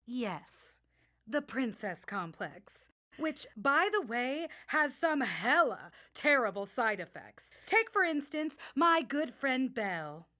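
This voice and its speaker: A woman's voice: sits high, very animated, takes it slowly, pushed and bright, heavily acted. A woman playing a brash, sarcastic princess who addresses the audience as an emcee in a stage monologue. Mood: wry.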